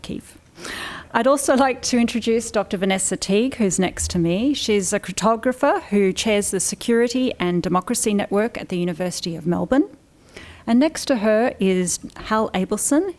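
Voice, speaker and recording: A woman moderating a panel, briskly introducing each speaker with light jokes in a room with an audience. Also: mid-range voice.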